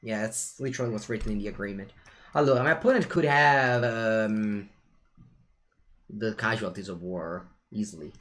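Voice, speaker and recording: With a voice on the low side and a moderate pace, a young man from Italy chats casually with viewers while streaming a card game. He speaks with an Italian accent, stays chatty and animated, and alternates between English and Italian phrases.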